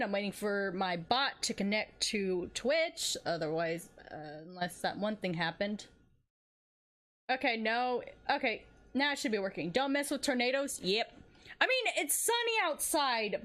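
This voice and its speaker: A woman's voice: a little high, fairly bright tone. A woman streamer chatting casually while playing a game, distracted and laughing easily. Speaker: streamer voicing all characters. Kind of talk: casual live-stream chat.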